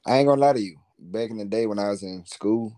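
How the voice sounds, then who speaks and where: A man's voice: on the low side, quick pace, mellow. A man being interviewed as a musician and entrepreneur, talking in a laid-back, rambling way with plenty of slang. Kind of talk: casual interview chat.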